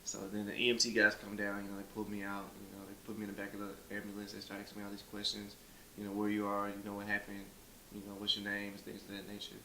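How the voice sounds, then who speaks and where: Man in his 20s, low and flat delivery, conversational storyteller. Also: fast talker, echoey room, a little hiss or hum, rough recording. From Memphis, Tennessee. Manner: conversational, acts out others' words, frequent "you know". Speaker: interviewee telling his story. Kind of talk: personal storytelling interview.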